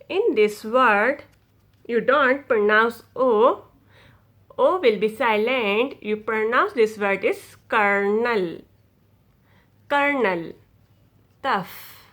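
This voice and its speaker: A woman teaching English pronunciation, repeating each word slowly and deliberately for her students. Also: fairly high pitch, a bit bright. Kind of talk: pronunciation lesson.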